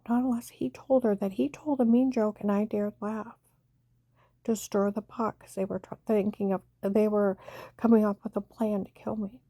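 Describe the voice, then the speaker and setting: Rambling woman with a dark, mellow voice. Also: fairly high pitch, no room sound. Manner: rambling, repeats "I said" while retelling conversations. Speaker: vlogger telling a personal story. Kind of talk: rambling personal monologue.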